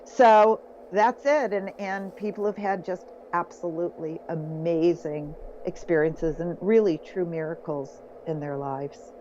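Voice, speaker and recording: A self-help author appears as a guest in a casual interview, telling success stories with real enthusiasm. Her voice is lowish and warm, with a measured pace and few pauses. The lo-fi audio sounds slightly dull and carries a little hiss or hum.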